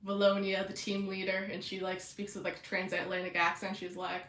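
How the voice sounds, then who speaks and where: A woman's voice: medium pitch, completely flat delivery, brisk, a bit bright. Giggly young woman chatting, lots of um and like, mid voice, echoey room. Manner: bubbly, giggly, lots of fillers. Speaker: podcast host. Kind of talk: casual chat.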